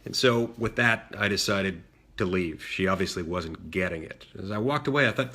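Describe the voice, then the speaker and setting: A middle-aged man telling a personal story in a measured way, with frequent fillers and restarts. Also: sits low, bright, forceful tone. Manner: measured, many fillers and restarts, mimics voices in quotes. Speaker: senator recounting a childhood story. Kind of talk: storytelling monologue.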